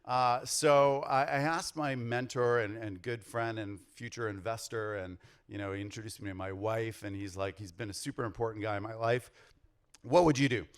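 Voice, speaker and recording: A man in his forties gives an energetic conference keynote on stage, rallying the audience with questions. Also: fairly low pitch, moderate pace, few pauses, smooth. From Canada. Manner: energetic, rallies the crowd with questions. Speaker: keynote speaker. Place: on stage before a large audience.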